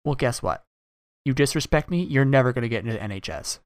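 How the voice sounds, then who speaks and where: A man's voice: mid-range voice, lively intonation, fast, no echo, clean studio sound, voice pushed up, natural voice. A man voicing a bitter, strict female teacher who snaps and scolds. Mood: scolding. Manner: snapping, scolding.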